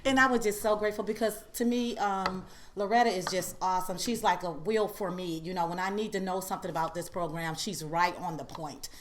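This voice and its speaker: A woman sharing her story at a recovery meeting, laughing often and telling it with animated energy. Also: medium pitch, a little fast. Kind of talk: personal sharing.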